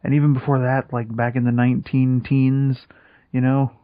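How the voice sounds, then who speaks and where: A man co-hosting a podcast in casual comedic chat, deadpan and rambling with many fillers. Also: medium pitch, normal speed, dry recording. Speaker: podcast co-host. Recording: dry, dull lo-fi sound.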